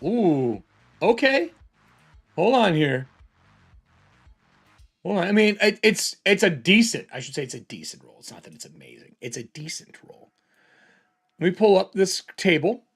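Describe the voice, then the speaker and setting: A man's voice: sits high, very animated, measured pace, gravelly, pauses often, breathy edge, faint music behind. A man narrating a solo tabletop game casually, thinking aloud as he rolls dice.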